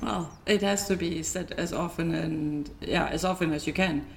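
A woman's voice: low-pitched, steady tone, normal speed, vocal fry. A woman entrepreneur chatting candidly as a guest in an interview, often laughing as she talks. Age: adult, married. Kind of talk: casual interview chat.

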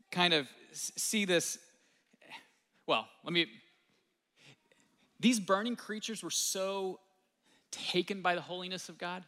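Animated preaching man in a reverberant hall. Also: high voice. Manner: animated, conversational preaching with many fillers. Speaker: pastor. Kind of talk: sermon.

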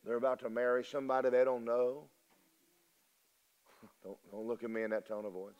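A man's voice: mid-range voice, level tone, brisk, highs cut off. An older man with a drawl delivers a homespun sermon from the pulpit. He tells his story plainly and shifts from ringing emphasis down to near-whispered asides. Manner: folksy and storytelling, swinging from loud to hushed. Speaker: preacher.

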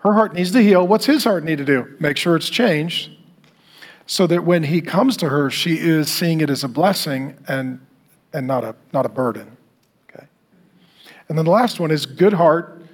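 A man with a high voice preaches to a group of men. He tells his stories with animated energy, putting on the voices of the people in them and breaking off to question the room. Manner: animated storytelling, acting out quotes with asides to the group. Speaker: pastor leading a men's group. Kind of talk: sermon.

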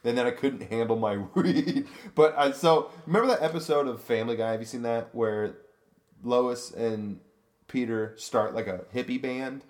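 A man's voice: medium pitch, normal speed. A man, a comedian co-hosting a podcast, telling a story in a loose, profane way and acting out the voices in it. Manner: animated, profane, acts out quotes in his story. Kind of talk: casual storytelling chat.

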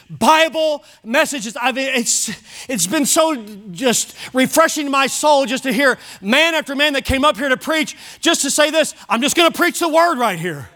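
A man's voice: extremely high pitch, sharp tone. A man preaching a sermon at a church service, emphatic and repeating key phrases for weight.

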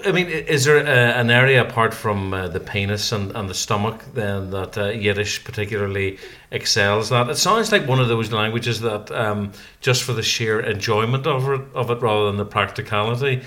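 A man's voice: fairly low pitch, moderate pace, a bit bright. A man hosting a casual podcast discussion, asking curious, prompting questions. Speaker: podcast host.

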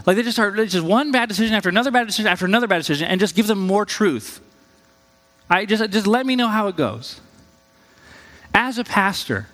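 A man, a pastor, preaching a conversational and animated sermon, jumping up in pitch when he voices quoted people. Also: in a large hall.

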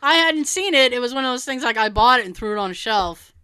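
A woman co-hosting a casual movie chat, animated, laughing often and swearing casually. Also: a little high, fast talker, clear, resonant tone, no echo. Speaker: podcast co-host.

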